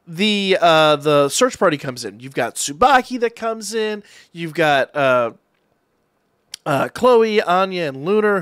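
A man casually recapping an anime episode, rambling excitedly and acting out the characters' lines as he goes. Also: a little high, no room sound, clean studio sound. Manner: excited, rambling retelling with acted-out quotes. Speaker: anime reviewer.

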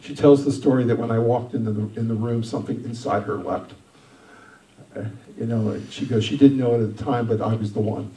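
A man, a senior pastor, telling his own story in a sermon, emphatic, swinging between loud and soft. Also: medium pitch, fairly even intonation, a little fast, echoey room, distant mic, poor audio. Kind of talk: sermon testimony.

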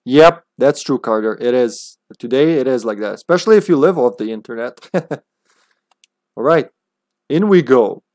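A man's voice: medium pitch, expressive, moderate pace, long pauses, darkish tone, no echo. A man streaming a video game live, chatting casually and laughing often, swearing now and then.

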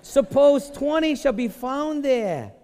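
A man's voice: very high-pitched, animated, creaky, a little mellow, big-room sound, voice pushed up, heavily acted. A man playing a humble old man pleading and bargaining with God, in a put-on comic accent. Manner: bargaining, pleading, drawn-out delivery.

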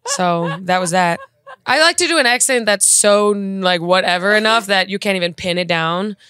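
A young woman hosting a comedy podcast, chatting casually and jokily, quick to laugh and to slip into silly voices. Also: medium pitch, expressive, bright, forceful tone, smooth, no room sound, clean studio sound. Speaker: podcast host.

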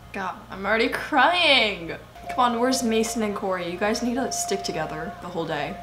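A young woman hosting a reaction video, chattering excitedly and gasping at what she watches. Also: medium pitch, moderate pace, slight background noise. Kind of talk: casual reaction commentary.

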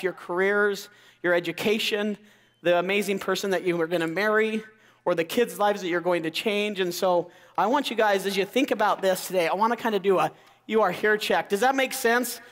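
A man's voice: high voice, fairly quick, a bit bright. A middle-aged man from Idaho giving an enthusiastic motivational talk, calling out questions to the audience in a large auditorium. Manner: enthusiastic, crowd-engaging, calls out questions to the audience. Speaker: motivational speaker. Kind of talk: energetic keynote talk. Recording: long hall reverb.

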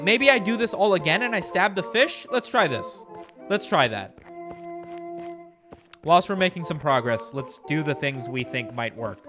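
A man's voice: a little high, animated, moderate pace, music in the background. A man streaming a game, joking and bragging to his chat as he plays. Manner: jokey boastful banter with chat. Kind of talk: let's play commentary.

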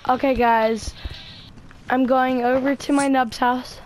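A woman giving casual, excitable let's-play commentary, talking to herself as she plays. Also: sits high, takes it slowly, slight background noise, poor audio. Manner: excitable, jumpy, talks to herself while playing. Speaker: gameplay commentator.

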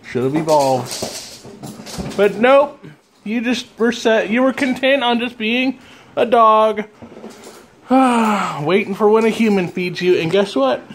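A man's voice: high-pitched, slow pace, long pauses, slight background noise. A man vlogging at home who talks to his dog in a teasing, playful, coaxing way. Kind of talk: casual talk to a pet. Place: home room with dogs around.

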